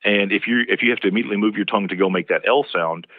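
A Southern American man with a very low voice, speaking as a professor guest in an interview. He explains patiently in a lecturing way and often restarts his phrases. His voice comes through a tinny, phone-like line with a dry sound. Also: racing, no echo. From East Tennessee.

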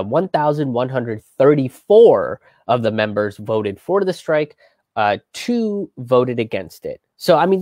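A man's voice: medium pitch, a little mellow, no echo. A man hosting a live history show, telling the story casually with many fillers, restarts and acted-out quotes. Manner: loose, chatty, many fillers and restarts, swears, acts out quotes. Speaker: host of a history and politics show.

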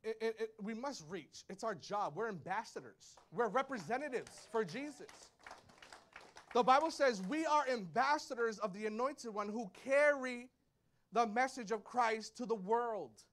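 A male pastor in his thirties preaching a sermon to a congregation, telling lively stories and acting out shouts and quotes. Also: very high voice, moderate pace. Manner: animated storytelling, acts out shouts and quotes. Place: church hall before a congregation.

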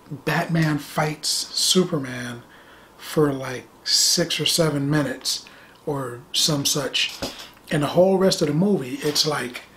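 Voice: mid-range voice, gravelly, fairly bright tone, a little hiss or hum. A middle-aged movie reviewer talking casually and animatedly, with sarcastic asides and phrases repeated for effect.

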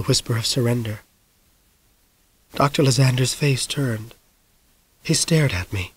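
A man narrating a novel as an audiobook in measured, grave storytelling, dropping soft at the darkest moments. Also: medium pitch, breathy edge, no echo.

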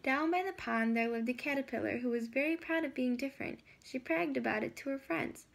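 Woman reading a children's picture book, high voice, gravelly, husky. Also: a little fast, a little hiss or hum. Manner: warm questions to young listeners. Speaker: children's story reader.

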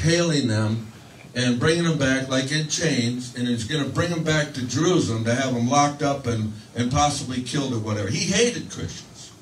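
Animated preacher in an echoey hall. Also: male voice, far from the mic, slight background noise. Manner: storytelling preacher, acts out quoted voices with rising pitch; restarts and fillers, conversational. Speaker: pastor. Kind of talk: sermon.

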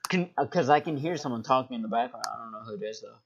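A man in casual gaming voice chat, talking in a slow, laid-back drawl. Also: mid-range voice, vocal fry, muffled recording. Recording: faint hiss and mouse clicks.

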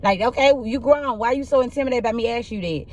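Rough-voiced woman telling blunt stories. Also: fairly high pitch, fast, muffled recording. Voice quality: rough, husky voice. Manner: blunt, profane, animated storytelling. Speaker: tarot reader. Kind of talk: casual tarot reading with storytelling.

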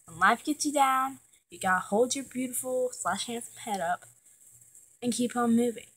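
A woman's voice: on the high side, normal speed, a bit bright, husky, rough recording. A teenage girl giving an earnest, emotional pep talk to her viewers, swearing when she gets worked up. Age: teens. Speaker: vlogger.

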